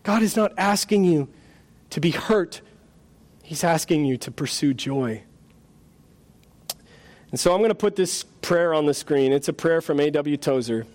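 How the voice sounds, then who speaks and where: A man's voice: fairly high pitch, lively intonation, unhurried, long pauses, a little mellow. A man preaching a sermon in a church, retelling a story and speaking in an earnest, dramatic way. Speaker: pastor. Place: church sanctuary.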